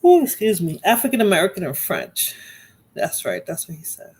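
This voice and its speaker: A man with a somewhat high voice hosts a live reaction stream. He chats casually, calling out to viewers in the chat as he reacts to a clip. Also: wildly swooping pitch, normal speed, slightly rough. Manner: chatty, talks to viewers in chat by name. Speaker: livestream host reacting to videos.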